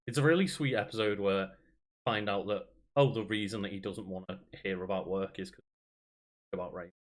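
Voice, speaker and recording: A man co-hosting a podcast in relaxed, casual chat. He talks in a laid-back, agreeable way, with a fairly low voice. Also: moderate pace. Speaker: podcast co-host.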